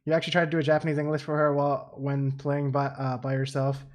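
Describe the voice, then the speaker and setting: A young man doing excitable, swear-heavy let's play commentary as a streamer. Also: mid-range voice, fast talker. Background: faint game music.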